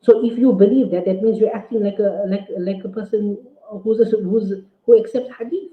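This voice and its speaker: A man, an Islamic scholar, delivering a forceful, indignant rebuttal full of rhetorical questions. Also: sits high, steady tone, a little fast. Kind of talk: preaching rebuttal. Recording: tinny phone-like audio in an echoey room.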